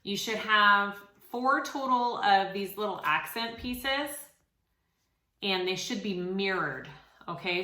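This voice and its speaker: A woman's voice: mid-range voice, lively intonation, takes it slowly, bright, forceful tone. A woman hosting a sewing tutorial, talking casually and encouragingly with frequent fillers. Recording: echoey room.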